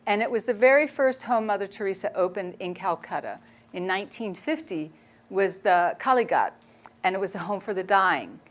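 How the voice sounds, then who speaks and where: A woman speaking to an audience in a lively storytelling manner, chatty and quick to laugh. Her voice sits at a middling pitch. She works as a photojournalist and talks to the audience directly. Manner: animated, chatty, laughs often. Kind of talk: storytelling public talk.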